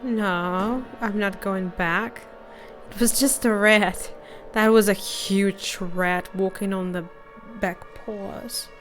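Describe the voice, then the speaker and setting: Slow-talking woman streamer, chatty asides. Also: medium pitch, steady tone, faint music behind. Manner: chatty, jumpy, self-mocking asides. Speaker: game streamer. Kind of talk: casual let's-play commentary.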